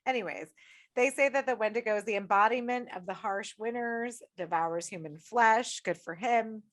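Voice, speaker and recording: A woman's voice: fairly high pitch, moderate pace. A woman from upstate New York co-hosting a casual horror podcast, loose and joking with blunt swearing. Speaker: podcast co-host.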